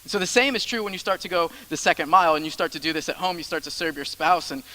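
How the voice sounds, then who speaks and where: A young adult man preaches a sermon as a pastor, his voice on the high side and his pace quick. He's emphatic, repeating phrases and slipping into soft asides, and the audio quality is poor.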